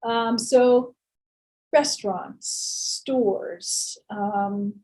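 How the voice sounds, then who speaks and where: Speaking in a steady, dark, mid-range voice, this woman draws out her words over poor-quality audio. As a real estate instructor in a casual lecture, she chats along with many fillers and restarts and asks rhetorical questions.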